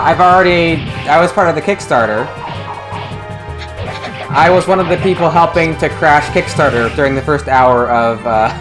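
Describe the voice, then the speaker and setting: A man giving casual commentary while playing a video game, chatty and often restarting his sentences as he thinks aloud. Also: fairly high pitch. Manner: chatty, self-correcting, mixes in translation remarks. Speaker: game streamer. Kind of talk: let's-play commentary.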